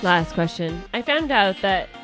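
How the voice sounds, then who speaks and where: A woman's voice: mid-range voice, animated, a little slow, over music. A woman co-hosting a comedy podcast, giving rambling, chatty opinions and reading questions. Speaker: podcast co-host. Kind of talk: casual comedy podcast talk.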